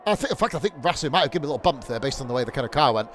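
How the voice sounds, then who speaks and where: A young man streaming live sim-racing commentary, excitable and rambling, swearing freely and going off on rants. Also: medium pitch, rapid-fire, a little hiss or hum. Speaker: league streamer and race commentator.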